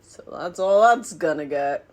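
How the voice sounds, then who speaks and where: A woman's voice: on the low side, measured pace. A woman chatting casually to the camera while she cooks in her small apartment kitchen, thinking aloud and wandering between thoughts. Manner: relaxed, rambling, thinks aloud. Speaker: vlogger cooking at home. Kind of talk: casual talking-to-camera chat while cooking.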